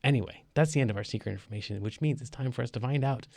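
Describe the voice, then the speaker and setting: A man's voice: medium pitch, very fast, vocal fry, a little mellow, no room sound. Chatty male piano teacher. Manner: loose and chatty, with fillers. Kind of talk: casual online lesson. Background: piano playing.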